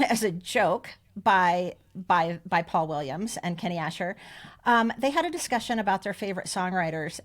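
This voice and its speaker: A woman's voice: mid-range voice, a bit bright. A woman co-hosting a podcast, telling personal stories in a chatty, emotional way. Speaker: podcast co-host. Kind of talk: casual chat.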